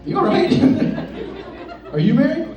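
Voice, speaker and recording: A man's voice: very high-pitched, huge pitch swings, takes it slowly, far from the mic, noisy background. A young man doing stand-up in a comedy club, joking with the crowd and laughing at his own lines. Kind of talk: stand-up set. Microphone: handheld stage mic. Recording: roomy club sound, audience laughter.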